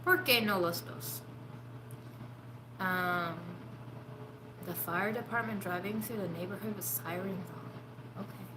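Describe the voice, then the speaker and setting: A woman's voice: medium pitch, slow, long pauses, roomy sound, a crowd in the background. A woman recovering from covid, chatting candidly to viewers on a home livestream, swearing casually. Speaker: livestreaming vlogger.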